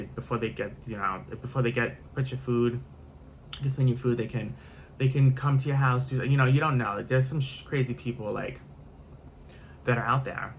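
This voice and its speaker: A man's voice: medium pitch, slight background noise. A man telling a rambling story-time vlog, repeating himself and swearing freely. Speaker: vlogger.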